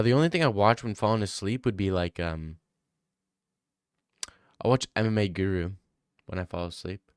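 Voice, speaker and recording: A man's voice: fairly low pitch, clear, resonant tone, no room sound, clean studio sound. A young man streaming, chatting casually, joking, rambling and swearing freely. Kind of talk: casual live-stream chat.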